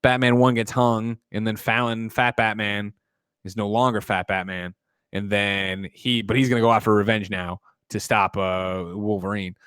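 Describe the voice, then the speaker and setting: A man casually recapping a movie plot, rambling and acting out the characters' lines in loud mock voices. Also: lowish voice, steady tone, moderate pace, smooth, dry recording, studio quality. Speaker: podcast co-host.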